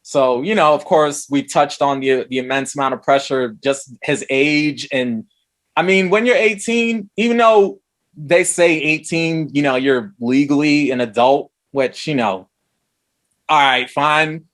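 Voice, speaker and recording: A man's voice: a little high, a little slow, a bit bright. A man co-hosting a podcast, talking in a rambling casual way, repeating words and swearing freely. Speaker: podcast co-host. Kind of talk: casual chat. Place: DC area.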